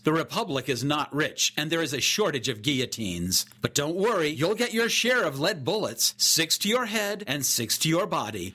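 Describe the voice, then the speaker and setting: A sneering young soldier taunts his captive in a storybook reading, his voice bright and sharp-edged, as a man puts him on. He sits a little above a man's usual pitch and mocks with every phrase. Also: full character voice. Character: mocking slender teenage male soldier.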